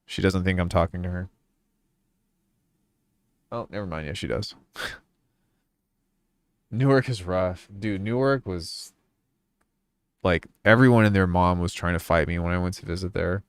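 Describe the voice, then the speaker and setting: Laid-back lower-voiced young man. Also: measured pace, pauses often, smooth, no room sound. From New Jersey. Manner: laid-back, rambling, swears offhandedly. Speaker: music producer streaming. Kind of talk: casual livestream chat.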